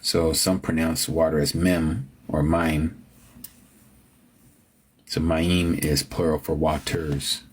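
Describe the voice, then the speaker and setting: Low husky-voiced man hosting a livestream. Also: level tone, slow, long pauses. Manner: muses over word pronunciations, answers viewers. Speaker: livestream host. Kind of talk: casual live-chat talk with scripture reading.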